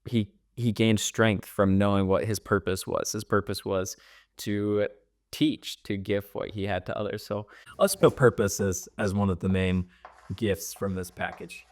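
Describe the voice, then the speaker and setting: Low-voiced, thoughtful podcast man. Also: flat delivery, unhurried. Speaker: podcast co-host. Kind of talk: casual book discussion.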